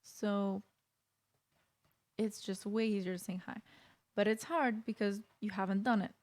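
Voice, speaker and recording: A woman's voice: mid-range voice, steady tone, a little slow, a little mellow. A woman vocal coach giving casual reaction commentary, explaining technique in a loose, conversational way with frequent restarts.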